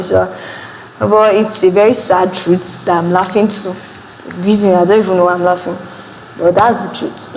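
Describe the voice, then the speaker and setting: A woman's voice: mid-range voice, a little mellow. Young Nigerian woman, motivational youth speaker, emphatic and repetitive, heard in a reverberant hall with faint room hum. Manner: emphatic, repeats words, asks the audience questions. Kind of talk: motivational teaching to a live group.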